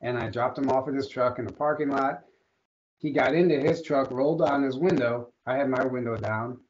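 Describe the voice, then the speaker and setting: A man, a guest on an interview show, telling a long personal story in a rambling, animated way with many restarts. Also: medium pitch, moderate pace. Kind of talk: casual storytelling in a podcast interview. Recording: dull lo-fi audio.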